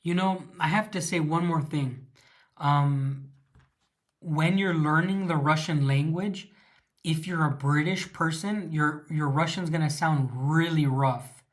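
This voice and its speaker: A man's voice: on the high side, unhurried. A man from California hosting a casual livestream, rambling with many fillers as he reacts to viewer comments. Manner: rambling, many fillers, reads chat aloud. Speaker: livestream host.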